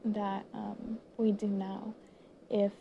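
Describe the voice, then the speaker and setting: A high school student in her late teens, a young woman, talks to viewers while choked up and teary, her monologue halting, emotional, full of pauses, and repeatedly falling to a whisper. Her gravelly voice shows little pitch movement, the highs are cut off, and there's slight background noise.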